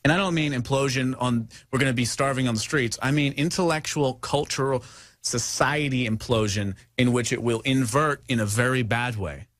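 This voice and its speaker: A young man hosting a talk show, rambling and mocking as he talks, now and then mimicking others in a high voice. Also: normal speed, fairly bright tone, dry recording, clean studio sound. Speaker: show host. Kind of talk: animated talk-show monologue.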